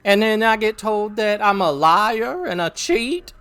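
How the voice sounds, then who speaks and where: A woman's voice: medium pitch, expressive, a little slow, a bit bright, clean tone. A woman putting on a flustered, genteel Southern lady with a Southern US accent, fussing and indignant. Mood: huffy. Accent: Southern US, put on.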